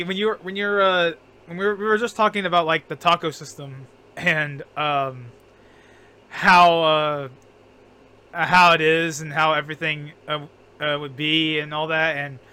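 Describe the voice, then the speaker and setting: A man's voice: a little high, fairly even intonation, a little slow, bright, forceful tone, smooth. A man co-hosting a casual podcast, rambling with lots of fillers, restarts and frequent laughter. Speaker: podcast co-host.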